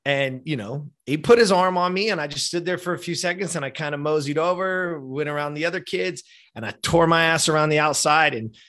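A man's voice: fairly high pitch, a little fast, fairly bright tone. A man in his fifties from the United States tells a heartfelt personal story as a podcast guest. He talks casually, leans on "like" and "you know", and swears now and then. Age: 50s.

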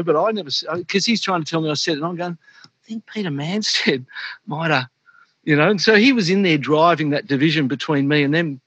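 Middle-aged Aussie man, husky voice, dry and a bit dull sound, easy laughing storyteller. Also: a little high, bright, forceful tone, no echo. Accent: Australian. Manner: laughs often, says "mate" a lot. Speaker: interview guest, former pro surfer. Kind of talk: casual storytelling.

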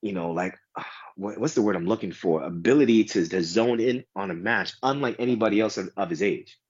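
A fairly low-voiced American man talks tennis in a loose, rambling way, restarting his sentences and throwing in animated asides. The sound is dull and lo-fi, with a dry, close feel and no room around it. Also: a little fast, breathy edge, no room sound. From United States. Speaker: guest DJ and tennis fan. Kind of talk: casual podcast chat.

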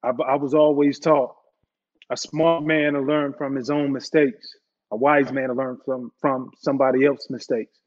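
A man's voice: mid-range voice, flat delivery, normal speed. Host: man, casual and reflective, lo-fi muffled sound. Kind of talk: casual chat. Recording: dull lo-fi sound.

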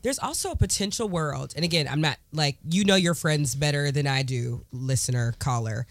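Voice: medium pitch, moderate pace, no echo. A podcast co-host chatting casually, laughing often and acting out quotes. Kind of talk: casual advice chat.

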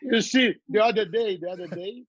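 A middle-aged man with a Brazilian Portuguese accent tells animated stories, stumbling over and repeating words as he goes. His voice is husky and a little muffled. The recording is close and dry. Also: high-pitched, a little fast, no room sound. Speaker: guest. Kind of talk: casual storytelling.

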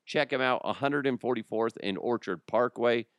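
Joking podcast host, smooth dry voice. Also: male voice, mid-range voice, moderate pace, no room sound. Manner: joking, rambling, self-mocking. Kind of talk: casual solo podcast talk.

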